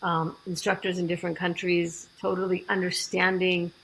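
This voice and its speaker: A woman guest on a podcast, telling her story in a lively way and acting out the dialogue she quotes. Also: lowish voice, normal speed, vocal fry, rough recording. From United States. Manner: animated, acts out quoted dialogue. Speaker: fitness program founder, guest.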